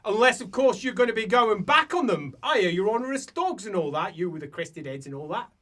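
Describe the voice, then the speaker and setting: A man's voice: sits high, lively intonation, fairly quick, fairly bright tone, voice pushed up. A man voicing a sly, threatening male dwarf leader who speaks in a coarse manner. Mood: taunting. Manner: taunting, coarse, drawling threats.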